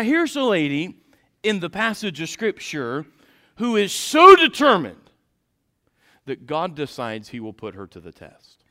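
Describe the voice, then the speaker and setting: A male pastor preaches from the pulpit in a fairly high, bright voice that swings widely in pitch. He tells his story with animation and laughs along with his listeners. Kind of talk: sermon with a personal story. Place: church sanctuary.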